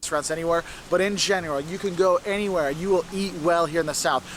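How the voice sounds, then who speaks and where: Enthusiastic high-voiced man presenting outdoors. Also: fast, slight background noise. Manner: enthusiastic, talks straight to camera. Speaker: travel video host. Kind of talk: travel vlog presenting. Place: outdoors in a city street.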